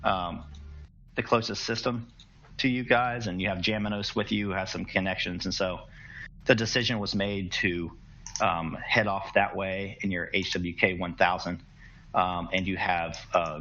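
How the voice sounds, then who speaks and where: A man running a tabletop role-playing game, narrating the scene and explaining the plot with a relaxed, filler-heavy manner. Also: deep voice, moderate pace, highs cut off, a little hiss or hum. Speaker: game master.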